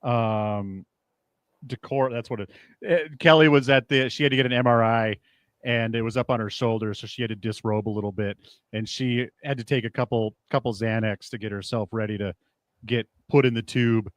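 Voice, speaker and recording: A man co-hosting a podcast tells animated stories in casual chat, laughing often. He slips into high-pitched voices for the people he quotes. His voice sits in the middle range with a dry, close sound. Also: moderate pace, dry recording. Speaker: podcast co-host.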